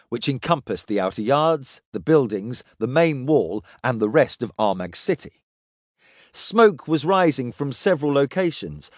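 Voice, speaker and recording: Man narrating an expressive audiobook. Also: mid-range voice, no echo, studio quality. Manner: expressive, voices characters.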